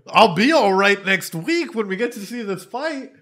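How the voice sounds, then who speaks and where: An anime reaction host gives casual commentary on a show in a high-sitting, fairly bright voice with lively intonation and moderate pace. He laughs often, swears freely, and grows emotional telling a heartfelt story.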